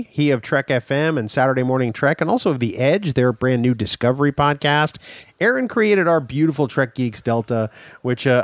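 A man's voice: mid-range voice, no room sound, studio quality. A man co-hosting a podcast, chatting casually and wrapping up the show with thanks. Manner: upbeat, wraps up segments. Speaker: podcast co-host. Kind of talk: casual chat.

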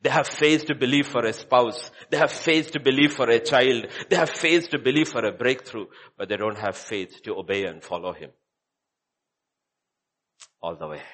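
A man preaching a sermon as a pastor, repeating short phrases and swinging between hushed and loud delivery. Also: medium pitch, expressive, normal speed.

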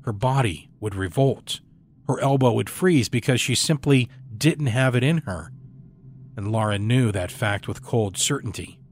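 A man reading a horror story aloud in a measured, dramatic storytelling delivery. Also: medium pitch. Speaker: story narrator. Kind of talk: scripted horror narration.

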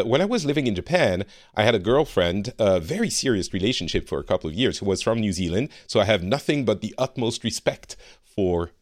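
French male podcast host, low lively voice, chatty and self-mocking, dry close mic. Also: dry recording. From France. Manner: chatty, laughing, self-deprecating. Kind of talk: casual chat.

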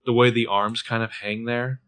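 A man's voice: medium pitch, moderate pace, clear, resonant tone. A man co-hosting a podcast, casually recapping a TV episode and quoting characters. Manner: expressive, quotes characters in raised voices. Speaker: podcast co-host.

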